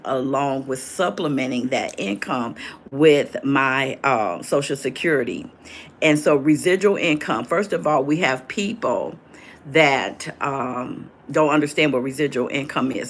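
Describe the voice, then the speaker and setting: A woman's voice: extremely low pitch, a little hiss or hum. Chatty older woman hosting a livestream. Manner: chatty, reads and answers viewer comments aloud. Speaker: livestream host. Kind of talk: casual livestream chat.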